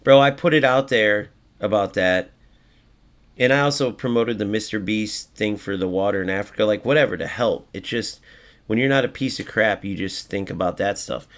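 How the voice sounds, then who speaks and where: Streaming a football video game, a man provides excitable live commentary, swearing freely and talking to his viewers in chat. His voice is on the low side, and he speaks at a moderate pace.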